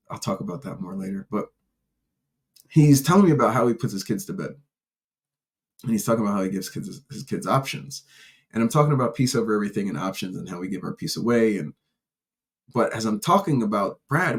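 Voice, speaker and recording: Male podcast host, lowish voice, rambling candid monologue, casual swearing. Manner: rambling, candid storytelling with frequent restarts; uses profanity casually.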